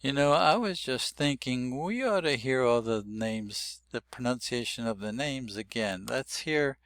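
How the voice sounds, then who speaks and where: A man's voice: medium pitch, expressive, measured pace, a bit bright, no room sound. An older man explaining a spelling system in a loose, rambling tutorial with frequent restarts. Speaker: phonetics teacher. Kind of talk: unscripted tutorial.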